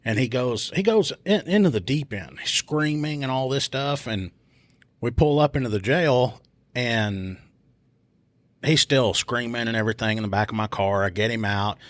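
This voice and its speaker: A police officer chats through stories on a podcast at a moderate pace, his mid-range voice dry with no room sound. He acts out people's lines in a raised voice, keeping the retelling animated and casual.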